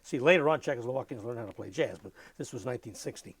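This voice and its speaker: An older man, telling lively anecdotes in an oral history interview and mimicking sounds as he goes. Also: medium pitch, quick pace, slight background noise. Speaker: interviewee, musician.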